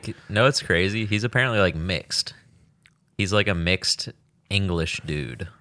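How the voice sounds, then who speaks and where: A man's voice: low voice, animated, a little slow, bright, forceful tone, no echo. A man co-hosting a casual podcast, throwing in short wisecracks. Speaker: podcast co-host.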